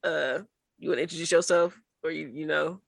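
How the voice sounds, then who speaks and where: A woman's voice: sits low, fairly even intonation, brisk, gravelly, no room sound. A young woman co-hosting a sports podcast, chatting casually and rambling with playful laughs. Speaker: podcast co-host.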